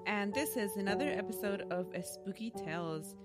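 A woman's voice: mid-range voice, expressive, normal speed, over loud music. A woman co-hosting a casual spooky-story podcast, chatting and laughing often as she reads a listener's story aloud. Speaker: podcast co-host.

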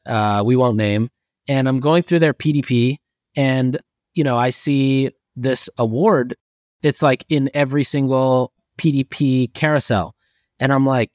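A man co-hosts a casual business podcast, spinning anecdotes and quoting his own disbelief with plenty of swearing. His voice sits at an ordinary middle pitch. It is recorded close and dry, with no room sound. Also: no room sound. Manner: profane storyteller acting out his own reactions in quotes. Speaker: podcast co-host.

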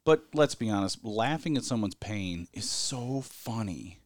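A man's voice: on the low side, animated, measured pace, dry recording. A man on a podcast, joking and sardonic, swearing casually. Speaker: podcast guest. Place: studio.

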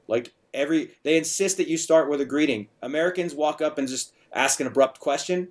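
A man's voice: medium pitch, fast talker, hardly any pauses. A middle-aged man in a casual podcast conversation, talking about his bar in a chatty, storytelling way, full of restarts and fillers. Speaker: bar owner and bartender guest.

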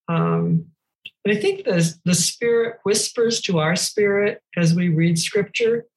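An older woman speaking as a podcast guest, reflecting thoughtfully and gently on scripture in conversation. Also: on the low side, a little slow, low-quality recording.

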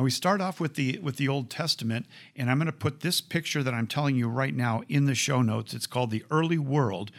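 An enthusiastic man hosts a show, speaking quickly and eagerly. He restarts his phrases often as the words tumble out, and his voice sits at a middle pitch. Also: gravelly. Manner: excited, fast, with restarts. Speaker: host. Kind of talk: casual enthusiastic product talk.

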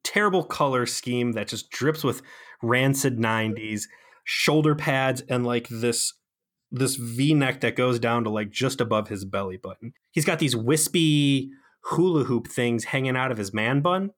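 A man co-hosting a casual comedic podcast, recapping a TV episode with sarcastic, animated storytelling and plenty of fillers. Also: mid-range voice, unhurried. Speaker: podcast co-host.

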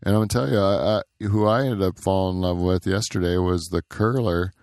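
A man's voice: low-pitched, fairly even intonation, brisk, darkish tone, no room sound, studio quality. A middle-aged man co-hosting a podcast in casual chat, rambling with lots of fillers and frequent laughs. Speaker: podcast co-host.

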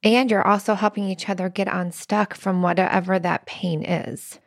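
A woman's voice: medium pitch, fairly even intonation, moderate pace, vocal fry, dry recording, studio quality. A woman in her thirties co-hosting a relationship podcast, telling stories in an earnest way with quoted dialogue. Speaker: podcast co-host. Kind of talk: casual relationship talk.

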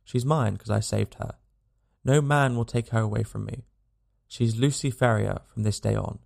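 A man's voice: on the low side, fairly even intonation, normal speed, creaky, darkish tone. A man voicing a gaunt, weary male wanderer who talks in a plain, folksy way. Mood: defiant.

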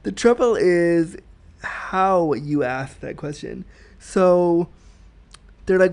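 High-voiced yet gravelly and darkish in tone, this solo podcast host speaks slowly with long pauses. He's frank and reflective, explaining his thoughts at length.

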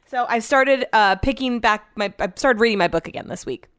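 A young woman hosts her podcast alone, telling stories in a loose, self-deprecating way and laughing easily. Her voice sits a little high and comes through smooth and clear. The sound is dry and close, with no room around it. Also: animated, a little fast, a bit bright, no echo. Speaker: podcast host. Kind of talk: casual solo podcast chat.

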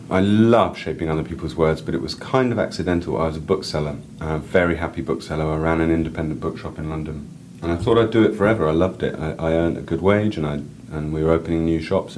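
Brief: low-voiced male writer guest, chatty and rambling, faint background hiss. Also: a little fast, darkish tone. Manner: rambling and enthusiastic, many restarts and "like"s. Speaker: author and editor, guest. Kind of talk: casual interview and reading aloud.

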